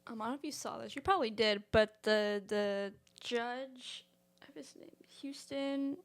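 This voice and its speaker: A woman's voice: on the high side, moderate pace. A woman co-hosting a podcast, telling a story in a chatty way with many fillers. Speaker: podcast co-host. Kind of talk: casual podcast chat.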